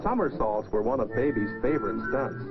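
A man narrating a children's story in a gentle, lilting voice, speaking to young listeners. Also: medium pitch, lively intonation, brisk. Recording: dull lo-fi record with music.

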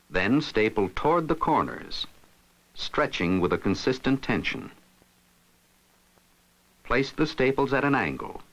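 A man with a somewhat low voice narrates an instructional film. His delivery is scripted and methodical, with a lively, rising and falling pitch as he explains each step. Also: rough recording.

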